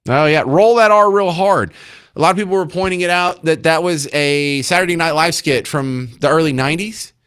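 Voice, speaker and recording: A man's voice: a little high, brisk, few pauses, a bit bright, smooth. A male talk radio host commenting sarcastically and acting incredulous at clips.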